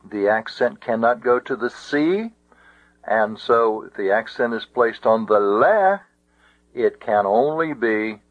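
A man teaching ancient Greek accents in a slow, methodical lecture, sounding out syllables one by one. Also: lowish voice, no room sound. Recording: dull dry lo-fi recording.

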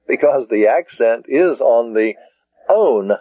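A man teaching a taped language lesson, speaking deliberately and spelling words out syllable by syllable. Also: medium pitch, animated, a little mellow, dry recording. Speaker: Greek teacher. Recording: dull lo-fi cassette tape.

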